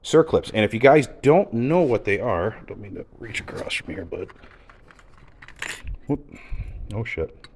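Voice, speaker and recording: A man walking through an engine build in a garage, in a relaxed, folksy, explanatory way. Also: lowish voice, a little slow, pauses often, a little hiss or hum. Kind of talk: casual shop demonstration. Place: garage workshop.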